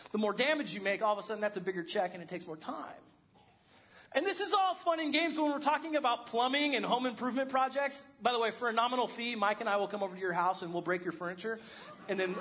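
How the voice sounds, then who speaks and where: A man's voice: high-pitched, a bit bright, highs cut off. A man in his thirties preaching a sermon, telling a funny home-repair story with self-deprecating humor. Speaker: pastor.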